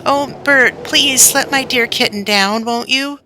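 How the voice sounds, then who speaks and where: A frightened little boy pleads in high, urgent cries from a storybook, voiced by a woman reader. The voice sits far above a grown woman's and has a sharp, bright ring. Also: animated, moderate pace, slight background noise. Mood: pleading. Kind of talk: storybook read-aloud.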